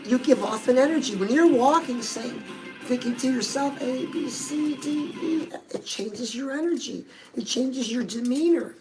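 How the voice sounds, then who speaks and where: On a comedic live show, a self-help host with a notably high voice coaches her listener in a chatty, sassy tone, repeatedly calling her "girl." Clear music runs underneath the whole time; her pace is moderate, her tone darkish, and the audio poor.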